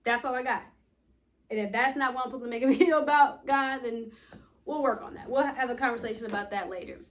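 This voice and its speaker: Young woman, casual rambling vlog, slightly high voice, acts out quotes, laughs a lot, earbud mic. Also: quick pace. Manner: animated storytelling, acting out quoted dialogue; laughs often while talking. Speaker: YouTuber. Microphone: wireless earbuds.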